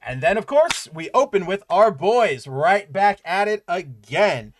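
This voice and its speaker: Man, podcast co-host, casual comic talk, slightly high voice, animated with fillers. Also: a little slow, a little hiss or hum. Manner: chatty and animated, loose fillers and asides. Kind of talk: casual comic book review chat.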